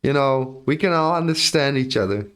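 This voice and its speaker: A man's voice: mid-range voice, lively intonation, moderate pace, a bit bright. A European man streaming live, chatting casually and joking with his viewers in a laid-back, drawling way.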